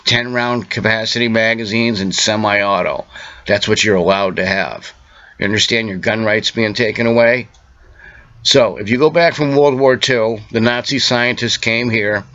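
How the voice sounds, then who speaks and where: Guy ranting to the camera, lowish but sharp forceful voice, insistent and lecturing, muffled lo-fi audio. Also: steady tone. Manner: insistent, urgent, lecturing, halting with fillers. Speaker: self-made video speaker. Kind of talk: direct-to-camera monologue.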